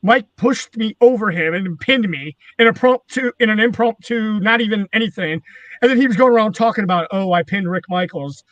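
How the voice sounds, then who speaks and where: A man's voice: sits high, brisk, a bit bright, no room sound, lo-fi sound. A man, a former wrestling manager, telling rambling, profane stories in casual chat. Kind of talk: casual storytelling.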